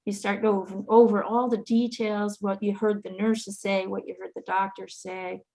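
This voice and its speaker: A woman's voice: mid-range voice, flat delivery, normal speed, mellow. A middle-aged woman hosting a casual, heartfelt chat, telling her story in an earnest, reflective way. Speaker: host.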